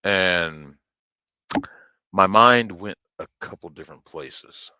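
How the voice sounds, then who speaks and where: A man telling a rambling story on a stream, swearing freely and filling gaps with ums. His voice is deep and his pace is slow. The tone is bright and forceful. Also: clear, resonant tone, no room sound, highs cut off. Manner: profane, rambling, with many fillers. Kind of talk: casual storytelling chat.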